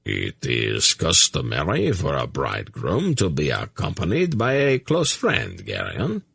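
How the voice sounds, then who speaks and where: Man doing a stiff solemn knight, deep, slow, gravelly, archaic. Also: huge pitch swings, fairly bright tone, no echo, full character voice. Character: solemn, formal armored knight, archaic speech.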